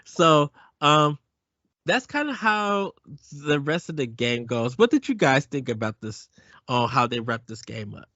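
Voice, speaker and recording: A man's voice: on the high side, big pitch swings, sharp tone, dry recording, muffled recording. A man hosting a casual podcast discussion, often restarting his sentences and repeating words as he thinks aloud. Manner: halting, repeats words when starting thoughts. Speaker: podcast host.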